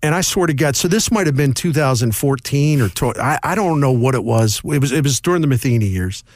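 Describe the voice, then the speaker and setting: A middle-aged male sports columnist telling stories as a guest in a casual interview, animated and quick in bursts. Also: medium pitch, no room sound, studio quality.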